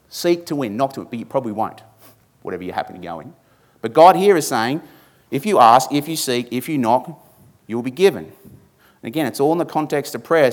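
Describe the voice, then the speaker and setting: A male pastor delivering a sermon in an emphatic, repetitive style. He drives each point home with rhetorical questions and words said again and again. His voice sits at an ordinary middle pitch.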